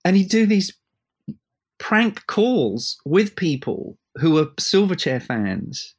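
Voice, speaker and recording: A record producer, a man, telling animated anecdotes in an interview and acting out the voices of the people in them. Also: sits high, slow pace, slightly rough. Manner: animated anecdotes, acts out quoted voices, laughs. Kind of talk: storytelling interview chat. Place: abroad from the host, evening.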